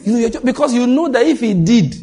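A man's voice: very high voice, fast talker, slight background noise. A man preaching a sermon, telling stories with humor and acting out the dialogue. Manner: animated, humorous storytelling with acted-out dialogue.

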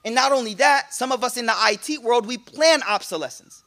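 A man gives an animated religious talk in a high, bright voice. He preaches in casual slang, restarting his sentences often and tossing in playful asides to the room. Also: a little fast, faint music behind. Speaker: Islamic teacher. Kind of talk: lively religious talk to a congregation.

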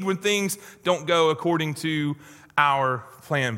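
A man preaching a sermon as pastor, earnest and pleading, swinging from soft, low lines to urgent ones. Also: takes it slowly, long reverb tail.

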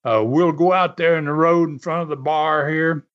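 A man voicing a cocky, loudmouthed little male wrestler who shouts his brags, with a raised pitch. The recording is dull and lo-fi. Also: fairly even intonation, normal speed, clean tone, close to an everyday voice. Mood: boastful. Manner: shouting, brash bragging. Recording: dull lo-fi podcast audio.

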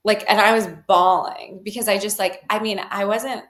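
A woman's voice: mid-range voice, fairly even intonation, normal speed, fairly bright tone. A woman telling her personal story in an interview, talking loosely with many fillers and restarts. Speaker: guest, healer. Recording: roomy echo.

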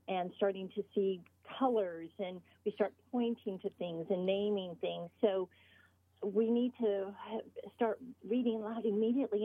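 A woman author being interviewed, explaining earnestly in short halting phrases over the phone. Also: on the low side, no echo. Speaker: author guest. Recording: tinny phone line.

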